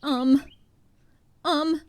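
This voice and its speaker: Animated young woman streaming a game. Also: high-pitched, very slow, no echo. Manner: chatty and animated, talks to chat. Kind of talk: casual gameplay commentary.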